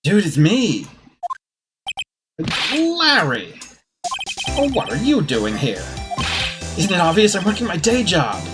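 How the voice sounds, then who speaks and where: A woman doing a goofy young guy, boastful and excitable, pitched a bit above her own voice. Game music plays clearly behind. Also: moderate pace. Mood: excited.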